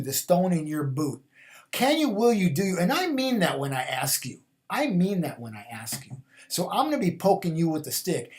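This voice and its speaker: A man hosting a spiritual call-in show, talking loosely with fillers and repeated, chant-like questions. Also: on the high side. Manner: rambling, with fillers and repeated phrases; rhythmic, incantatory questions. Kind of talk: casual spoken monologue.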